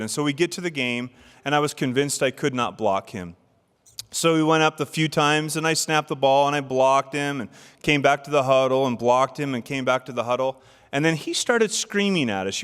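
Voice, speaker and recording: A man's voice: mid-range voice, fairly bright tone, clean tone. Man giving a devotional talk in a big hall. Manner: storytelling with rhetorical questions to the audience. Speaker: church speaker. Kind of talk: devotional address. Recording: long hall reverb.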